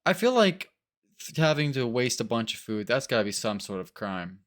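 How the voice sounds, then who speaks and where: A man chatting casually in a reaction video, rambling and animated, often acting out other people's voices. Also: mid-range voice, normal speed. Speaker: co-host.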